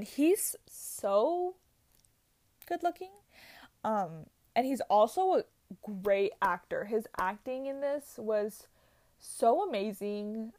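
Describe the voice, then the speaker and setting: A woman's voice: medium pitch, darkish tone. A young woman chatting casually and gushing, full of "like" and "um". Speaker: vlogger. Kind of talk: casual chat.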